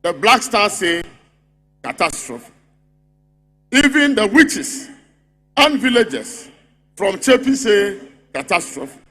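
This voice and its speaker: A man's voice: high-pitched, very animated, slow, pushed and bright, faint music behind. A man with a Ghanaian English accent giving a political speech at a party congress, mocking opponents and repeating a refrain. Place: large congress hall. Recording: long reverb of a big hall.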